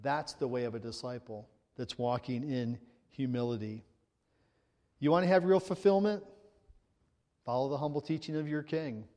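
A man preaching in a relaxed, conversational way, often checking in with the congregation and lifting his voice to stress a point. His mid-range voice carries a long reverb tail from a large hall. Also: mid-range voice. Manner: conversational preaching with frequent tag questions and rising emphasis. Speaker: pastor. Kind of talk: sermon.

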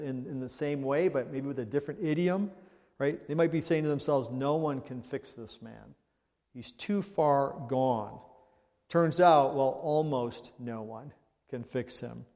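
A man's voice: a little high, a little mellow. Preacher man in an echoing hall. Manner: conversational, asks the listeners questions with frequent "right?". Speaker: pastor. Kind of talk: sermon.

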